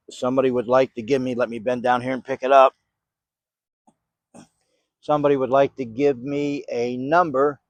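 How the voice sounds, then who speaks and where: A man's voice: mid-range voice, no echo. Older man calling to spirits, dry sound. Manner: slow, patient, questioning. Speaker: paranormal investigator. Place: cemetery outdoors in the rain.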